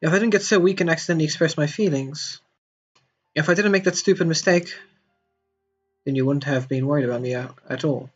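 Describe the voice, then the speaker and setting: A man reading the lines of a teenage girl who hides her depression, in a soft, self-blaming way. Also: a little high, brisk, long pauses, slightly rough, muffled recording, faint music behind.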